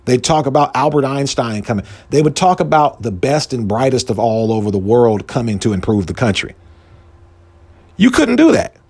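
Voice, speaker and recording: A man delivers a heated, slangy commentary monologue as host of his show. His pitch swings widely, jumping up for emphasis and dropping low again. The delivery stays emphatic and argumentative throughout. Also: sing-song, normal speed, a little mellow, husky. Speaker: podcast host.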